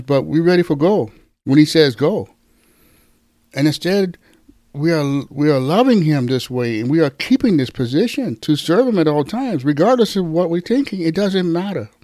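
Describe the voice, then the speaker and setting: A man's voice: a little high, a little mellow, no echo, studio quality. A man preaching a casual sermon and speaking to listeners like friends. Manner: conversational, calls listeners guys and bro.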